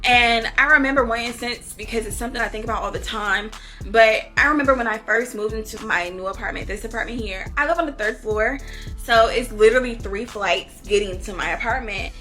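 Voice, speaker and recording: A woman's voice: on the high side, a little fast, pushed and bright, faint music behind. A woman vlogger telling personal stories to her viewers in a candid, casual way, laughing often and calling them y'all. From not from Houston. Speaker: book review vlogger.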